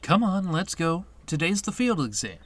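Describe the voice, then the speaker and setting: A man reading the lines of a cheerful, probing young female instructor in a raised, lively voice, during a game playthrough. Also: high-pitched, normal speed, pitched above the performer's own voice. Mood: cheerful teasing. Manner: reads the on-screen dialogue aloud in a raised, lively voice.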